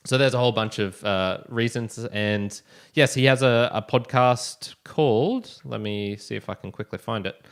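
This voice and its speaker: A man's voice: mid-range voice, a little slow, vocal fry, clean tone. A young man hosting a solo podcast, talking casually and rambling with frequent restarts and chuckles. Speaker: podcast host.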